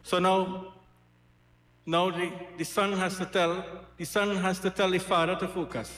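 A man gives a devotional sermon and tells stories earnestly, repeating his points. His voice sits a bit high. The recording is roomy, with faint music in the background. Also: fairly even intonation, unhurried, a bit bright. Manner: storytelling, repetitive, earnest. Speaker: satsang speaker.

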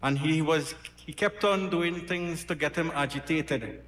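A man's voice: fairly high pitch, a little slow, fairly bright tone. A man giving a devotional sermon at a gathering. He tells stories in an earnest, repetitive way. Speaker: satsang speaker. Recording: roomy hall, faint music.

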